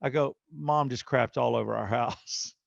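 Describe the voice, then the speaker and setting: A middle-aged man with a gravelly, fry-edged voice tells a story on a podcast and slips into animated impressions of everyone in it. The recording is dry and slightly dull, close and without room sound. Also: medium pitch, unhurried, no room sound. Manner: animated storyteller, acting out quotes. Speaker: podcast co-host. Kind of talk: casual storytelling chat.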